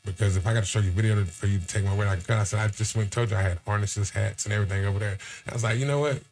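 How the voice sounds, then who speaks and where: A man from Texas, chatting casually on a podcast and telling animated stories with acted-out quotes. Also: lowish voice, racing, a little hiss or hum.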